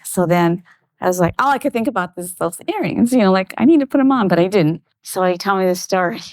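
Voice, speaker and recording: A middle-aged woman, a guest on a talk show, telling a personal anecdote in lively detail and acting out the voices of the people in it. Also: medium pitch, fast talker, no echo. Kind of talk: storytelling in a conversation.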